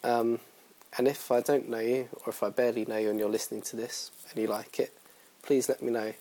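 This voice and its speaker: A man's voice: mid-range voice, flat delivery, a little fast, warm tone, rough recording. A young man hosting his own podcast in casual, rambling, self-mocking chat full of fillers. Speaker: podcast host.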